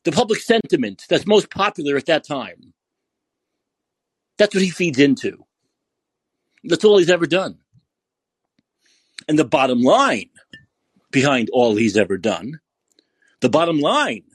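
A man hosting a podcast who rants angrily and curses, repeating himself for emphasis in a husky voice. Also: on the high side, no room sound. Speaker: podcast host. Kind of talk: angry political rant.

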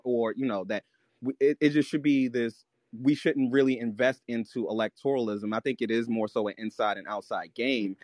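A man's voice: mid-range voice, no echo. Rambling man on a call-in, dry sound. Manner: rambling, filler-heavy, joking. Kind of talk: casual political chat.

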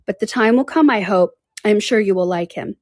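A woman's voice: mid-range voice, a little fast, no echo, clean studio sound, natural voice. A woman voicing a passionate, impulsive young woman in a storybook reading, earnest and exclaiming.

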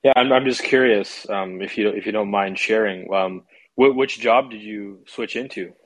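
A man hosting a podcast interview, speaking thoughtfully with hesitant pauses. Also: on the low side, slightly rough, rough recording. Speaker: podcast host. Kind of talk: interview conversation.

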